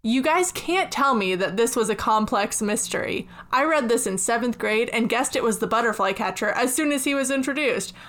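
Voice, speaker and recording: A woman's voice: a little high, expressive, normal speed, hardly any pauses, a bit bright. A young woman co-hosting a podcast, chatting casually, giggly and frank. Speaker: podcast co-host. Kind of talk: casual chat.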